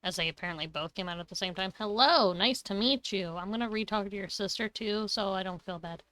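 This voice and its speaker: Bright, crisp-voiced woman streamer. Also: mid-range voice, steady tone, fast talker, dry recording. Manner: chatty, talks to game characters, laughs and coughs often. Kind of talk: casual gameplay commentary.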